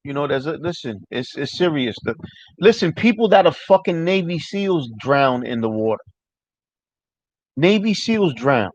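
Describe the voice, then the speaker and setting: A man's voice: a little high, big pitch swings, moderate pace, no echo. A man hosting a casual livestream chat, rambling loosely and swearing often while answering viewers. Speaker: livestream host. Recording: dry, dull lo-fi mic.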